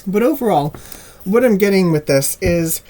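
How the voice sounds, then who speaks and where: A man giving a casual tarot reading to camera in a relaxed, rambling way with frequent ums, his voice a little worn, recorded on a camera mic at home with birds heard behind him. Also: high-pitched, normal speed. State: slightly losing voice. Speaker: tarot reader. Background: birds chirping.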